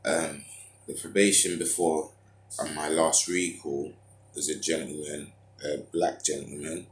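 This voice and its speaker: A low-voiced man recounts a personal story in loose, slang-heavy talk. He drifts between points and fills gaps with filler sounds. The recording has a strong echo from the room around him. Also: little pitch movement, measured pace. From United Kingdom. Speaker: vlogger. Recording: echoey room.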